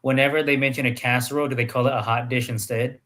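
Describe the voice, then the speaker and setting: A man's voice: mid-range voice, steady tone, fast talker, fairly bright tone. A man co-hosting a podcast in casual chat, telling stories and acting out the dialogue. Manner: storytelling, acts out dialogue. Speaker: podcast co-host.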